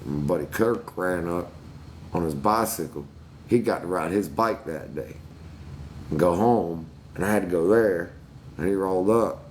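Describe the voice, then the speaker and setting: Man, low voice, crude laid-back storyteller who laughs at his own jokes, faint hiss. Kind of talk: casual storytelling chat.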